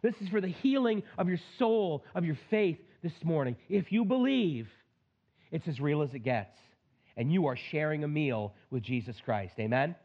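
Male pastor, sermon delivery, bright-pitched and animated, muffled lo-fi sound. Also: moderate pace. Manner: lively preaching with playful asides.

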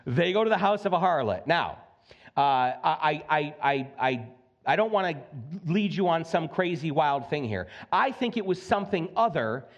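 A man preaching a sermon to his congregation in a lively, conversational way, often checking in with "okay?" and acting out voices. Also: on the high side, moderate pace, muffled recording. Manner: animated, conversational, acts out voices, keeps asking "okay?". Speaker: pastor. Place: church sanctuary.

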